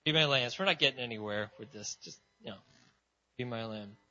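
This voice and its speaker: A man's voice: fairly low pitch, fairly quick, pushed and bright. A man preaching a casual sermon in a loose, chatty way, full of "like" and "you know". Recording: dull lo-fi sound.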